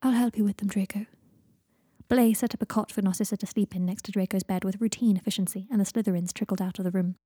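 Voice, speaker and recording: A woman narrating a fan fiction audiobook in a steady, measured reading voice. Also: medium pitch, breathy edge, dry recording, clean studio sound.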